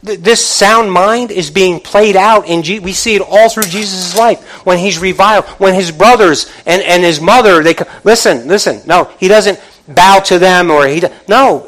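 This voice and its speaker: A man preaching a sermon in an animated, conversational way, asking the congregation questions and acting out quoted voices. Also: high-pitched, moderate pace, rough recording.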